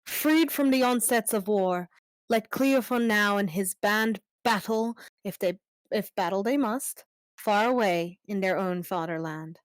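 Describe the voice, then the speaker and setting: A woman's voice: mid-range voice, a little slow, no echo, natural voice, poor audio. Woman reading as a solemn chorus, earnest chant-like verse, very dry sound. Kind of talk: amateur online play reading.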